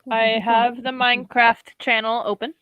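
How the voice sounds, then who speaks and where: Woman, streamer, casual chat, teasing, swears freely, high-ish voice, dry sound. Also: level tone, normal speed, smooth, no room sound, highs cut off. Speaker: streamer reading fan fiction aloud. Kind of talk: casual chat and dramatic reading. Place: home room.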